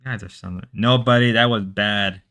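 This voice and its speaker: A male livestream host whose first language is Spanish, rambling and bantering with his chat in a loose, joking way. His voice is bright and forceful, with a clear, crisp tone. He keeps drifting into playful mock voices. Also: fairly low pitch, fairly even intonation, a little fast. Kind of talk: casual stream chat with viewers.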